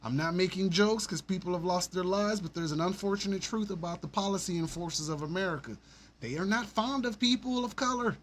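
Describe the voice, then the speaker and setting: Blunt man streaming, slightly high voice. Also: fairly quick, slight background noise. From Alabama, US. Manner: animated, blunt, swearing, laughing often. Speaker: stream host. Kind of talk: casual opinion livestream.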